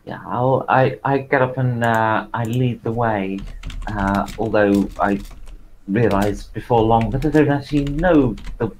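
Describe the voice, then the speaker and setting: Slow, halting male tabletop player. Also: mid-range voice, a little hiss or hum, low-quality recording. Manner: halting, hesitant. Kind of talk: playing a tabletop game in character.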